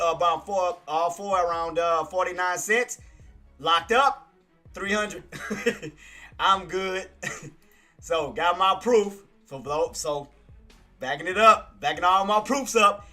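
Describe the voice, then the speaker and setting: A man giving live trading commentary, excitable and boastful, repeating himself as he shows his gains to viewers. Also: high-pitched. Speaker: day-trading streamer.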